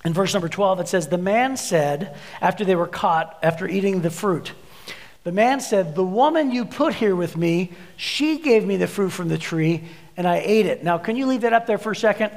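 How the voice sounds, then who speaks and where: A male pastor delivering a sermon in a high, gravelly voice, weaving in stories and putting on voices for the people in them. His words carry a long reverb, as if spoken in a large hall. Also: normal speed. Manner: storytelling, acts out voices in anecdotes.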